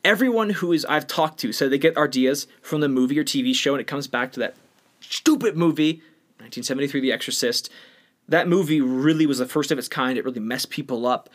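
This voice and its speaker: A blunt, opinionated man chatting casually on a podcast. His voice has an ordinary, middle pitch, and he lectures a little, with lively swings from loud emphasis to quiet, low asides. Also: a little fast. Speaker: podcast co-host.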